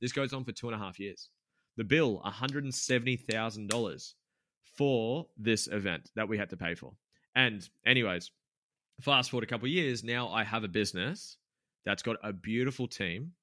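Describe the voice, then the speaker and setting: A man's voice: lowish voice, normal speed, sharp tone. A man, a podcast guest telling a business story in a candid, rambling way, swearing freely and using lots of fillers. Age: 20s.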